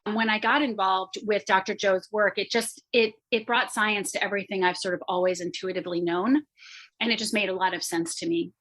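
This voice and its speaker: Woman coach being interviewed, bright forceful voice, talks quick and articulate. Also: medium pitch, steady tone, rough recording. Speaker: guest, coach and former psychotherapist. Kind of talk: podcast interview answers.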